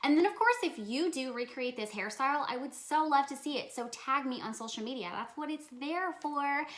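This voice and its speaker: A woman's voice: high-pitched, fairly quick, reverberant, very noisy. A woman, giving a chatty, upbeat hair tutorial and sign-off as a vlogger. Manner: upbeat, chatty, says "y'all".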